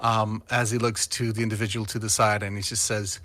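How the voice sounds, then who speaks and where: A man's voice: fairly low pitch, little pitch movement, brisk, few pauses, bright, forceful tone, dry recording. A man narrating as game master of a tabletop game, rambling with many fillers.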